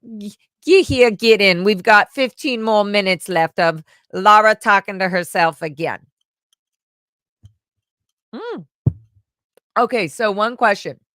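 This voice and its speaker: Woman, livestream host, chatty and giggly, unhurried, clean dry sound. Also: medium pitch, fairly bright tone, dry recording. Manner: chatty and giggly, reads chat comments aloud. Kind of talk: casual live chat answering viewer questions. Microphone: microphone.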